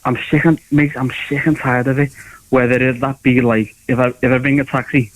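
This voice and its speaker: A man's voice: mid-range voice, flat delivery, fairly quick, no echo, poor audio. Agitated stammering male caller, dry sound. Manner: agitated, stammering, repetitive restarts. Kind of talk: phone-in rant.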